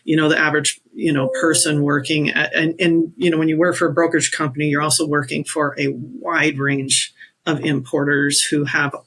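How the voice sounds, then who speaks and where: A man's voice: on the high side, little pitch movement, normal speed, a bit bright. A man speaking as a podcast guest in casual chat, rambling with many restarts.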